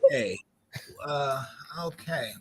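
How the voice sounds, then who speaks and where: Measured, slow-speaking male panelist. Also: on the high side, very animated, vocal fry, a bit bright. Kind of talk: call-in radio talk.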